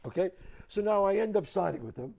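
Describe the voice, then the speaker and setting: A man with a New York accent telling animated, profane stories as a guest at a home, acting out the other people in them. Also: high voice, a little fast, gravelly. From the Bronx, New York. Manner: emphatic, profane, acts out other people's lines. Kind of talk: animated storytelling.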